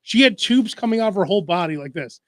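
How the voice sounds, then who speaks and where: A man's voice: high-pitched, lively intonation, quick pace, a bit bright, dry recording, studio quality. A man hosting a casual food podcast, telling rambling stories and mimicking voices. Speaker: podcast host. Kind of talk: casual chat.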